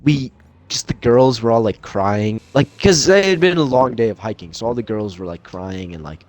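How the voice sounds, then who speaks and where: A man's voice: lowish voice, animated, normal speed. A young man casually telling a story as a podcast host, loose and profane, with lots of fillers.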